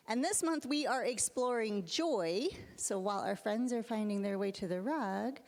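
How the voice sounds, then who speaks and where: A woman who leads children's religious education, chatting encouragingly with children at a service. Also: on the high side. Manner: warm, encouraging questions to kids. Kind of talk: gentle chat with children. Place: church sanctuary. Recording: long hall reverb.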